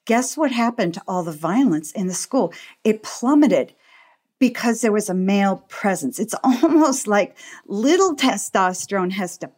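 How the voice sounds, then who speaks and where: Older female guest, medium pitch, confident and animated parenting expert. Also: measured pace. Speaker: guest, physician and parenting author. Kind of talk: conversational interview.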